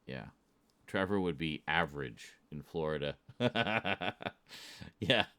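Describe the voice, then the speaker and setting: Slow, deep-voiced British man chatting. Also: animated, pushed and bright, clear, resonant tone. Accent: British English. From Britain. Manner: playful, joking, chuckles at his own jokes. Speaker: streamer. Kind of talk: casual chat with chat readers.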